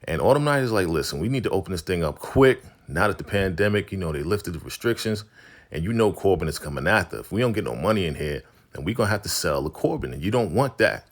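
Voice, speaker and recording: A man casually recapping a TV episode, animated, loosely acting out the characters' lines and laughing often. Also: sits low, quick pace. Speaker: recap vlogger.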